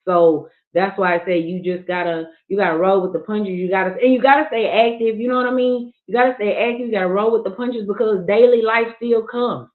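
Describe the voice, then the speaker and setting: She speaks a little fast with few pauses, her medium-pitched voice fairly even in intonation, as a livestream guest describing her grief. The talk is frank, earnest and casual, with many sentence restarts, on a tinny, phone-like line.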